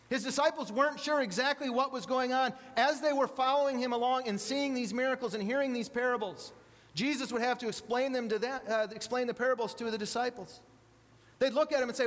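A man's voice: very high voice, normal speed, a bit bright, long reverb tail. A man preaching a sermon to a congregation that includes children. He speaks conversationally, repeats words and asks the audience questions.

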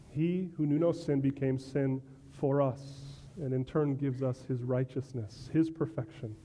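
A man gives a sermon in a fairly high, easy conversational voice. He asks rhetorical "right?" questions and stumbles into small restarts. He sounds like a pastor talking directly to his church. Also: mellow.

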